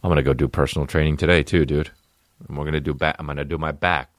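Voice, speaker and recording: A man's voice: very deep voice, fairly even intonation, fast, no echo, clean studio sound. A man in his thirties hosting a podcast, telling rambling, profane comic stories and ads in a casual monologue. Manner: profane, rambling storytelling with exaggerated quoted voices. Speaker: podcast host and comedian.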